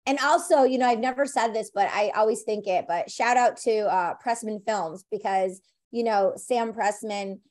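A woman's voice: mid-range voice, moderate pace, a little mellow. A woman actress being interviewed about her film career, talking in a chatty, enthusiastic way full of "like" and "you know". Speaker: actress guest. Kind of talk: conversational interview.

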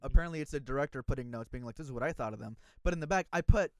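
A man's voice: mid-range voice, very fast, no room sound, clean studio sound. A young man casually telling a story to friends, acting out the voices of the people in it. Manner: animated storytelling, acts out quoted voices. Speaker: storyteller in group chat. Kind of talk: casual chat.

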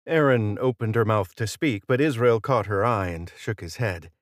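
Low, dry-voiced male narrator. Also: normal speed, no echo. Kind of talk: audiobook narration.

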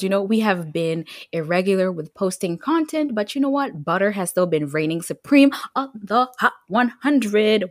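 A woman's voice: mid-range voice, no echo, clean studio sound. A woman co-hosting a podcast in casual chat, laughing and filling her talk with "like" and "um". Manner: laughing, chatty, lots of fillers. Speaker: podcast co-host.

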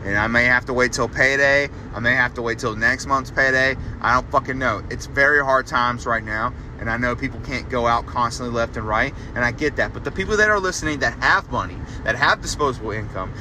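Bright-voiced man ranting on a podcast. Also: brisk, a little hiss or hum, low-quality recording. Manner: profane, exasperated, swings into loud high outbursts. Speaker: podcast host. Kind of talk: solo podcast rant.

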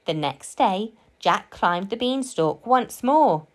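A woman reading a children's story aloud, slow and expressive. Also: mid-range voice. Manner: slow, sing-song and expressive. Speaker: storybook reader.

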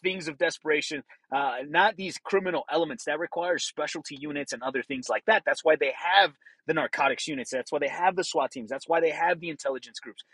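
A man's voice: fairly high pitch, brisk, few pauses, a bit bright, husky, no room sound, poor audio. A man, middle-aged, who speaks as a former police officer in a casual monologue, blunt and profane, acting out the voices he quotes.

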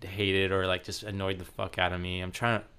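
A man's voice: deep voice, little pitch movement, a little fast, pushed and bright, smooth. A man from Arizona telling a work story in casual chat, rambling with lots of fillers and swearing. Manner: rambling, filler-heavy, profane, laughs often. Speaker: podcast co-host telling a story.

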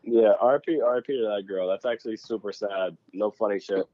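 A man co-hosting a casual podcast chat, loud and excitable, swearing freely. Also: lowish voice, fast, no echo. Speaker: podcast co-host. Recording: dull, lo-fi sound.

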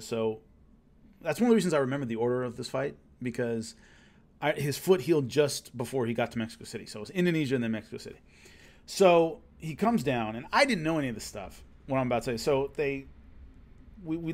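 Man telling fight stories casually. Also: medium pitch. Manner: animated, acts out quotes of others. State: has hiccups. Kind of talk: casual storytelling.

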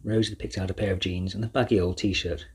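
A man reading a children's storybook aloud as narrator, in an even, measured way. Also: deep voice, slightly rough. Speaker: audiobook narrator.

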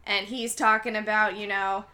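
A young woman on a podcast, chatting casually and retelling a film's plot, acting out the characters' lines with big jumps in her voice. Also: moderate pace. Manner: acts out characters' lines with lively pitch jumps. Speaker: podcast host recapping a film. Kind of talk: casual chat, animated retelling.

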